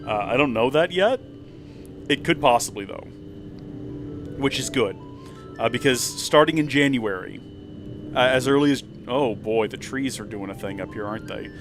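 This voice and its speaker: A man chatting casually over gameplay, animated and prone to high excited exclamations. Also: normal speed, long pauses, over music. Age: 30s. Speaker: let's play streamer. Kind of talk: casual gameplay commentary and storytelling.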